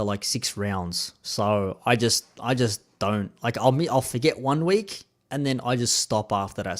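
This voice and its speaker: A man with an Australian accent, chatting casually on a live stream in a relaxed, rambling way with plenty of fillers. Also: mid-range voice.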